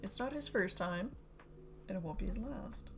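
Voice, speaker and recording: A woman's voice: medium pitch, expressive, moderate pace, noisy background. A young woman chatting casually and joking while she builds model kits on a stream. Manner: chatty, joking, laughs often.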